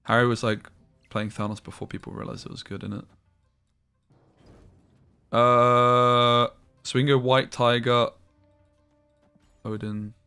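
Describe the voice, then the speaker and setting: A man's voice: medium pitch, flat delivery, unhurried, pauses often, sharp tone, clear, resonant tone, soft background music. A young man chatting casually while streaming a game, telling rambling stories with slang and the odd swear word. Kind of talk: casual live-stream chat over gameplay.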